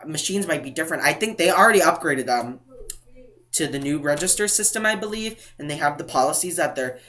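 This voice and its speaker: A young man from New England telling an animated, indignant storytime as a couponing vlogger. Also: a little high, a little fast. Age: young adult. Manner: animated, indignant retelling, acts out quotes. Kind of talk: casual storytime vlog.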